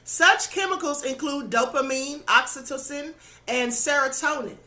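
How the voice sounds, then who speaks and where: Her voice high and bright but a bit tired, a woman on her own channel teaches a spiritual monologue at a measured pace. She's earnest and instructive, regularly adding "okay?" and "you know" as she seems to be slightly losing her voice.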